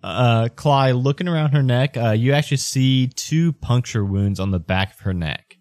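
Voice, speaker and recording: A man's voice: medium pitch, moderate pace, a little mellow, dry recording. A man narrating a tabletop game as game master, hesitant and full of fillers.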